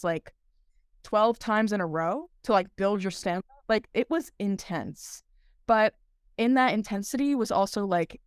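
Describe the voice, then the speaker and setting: A young woman talks through her story on a podcast, loose and chatty, with a filler in nearly every phrase. Her voice is smooth and clear, sitting at an ordinary middle pitch. The sound is dry and close, with no room around it. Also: no echo. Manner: chatty, lots of "like" fillers, laughs often. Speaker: podcast co-host. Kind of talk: casual podcast chat.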